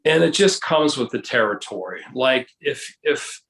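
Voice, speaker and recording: A man's voice: mid-range voice, lively intonation, measured pace, creaky, fairly bright tone, reverberant, poor audio. A man guest in a casual video chat, explaining at length with many restarts and hesitations. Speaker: guest, case researcher.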